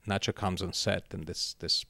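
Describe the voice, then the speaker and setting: A man guest telling rambling stories in a casual chat, often halting and restarting. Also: sits low, fairly even intonation, vocal fry, bright, forceful tone, dry recording. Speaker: guest filmmaker. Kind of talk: casual storytelling.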